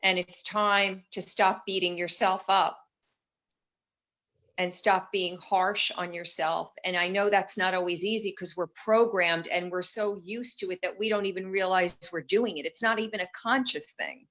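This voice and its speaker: A woman speaking as a guest in a spiritual conversation, earnest, unhurried and encouraging, heard over a video call. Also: mid-range voice, fairly even intonation, a bit bright. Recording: dull lo-fi video call audio.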